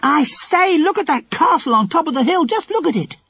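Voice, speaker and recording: A man voicing a gentle, wide-eyed little girl in a storybook. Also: extremely high pitch, big pitch swings, a little fast, vocal fry, no room sound, voice pushed up, full character voice. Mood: excited.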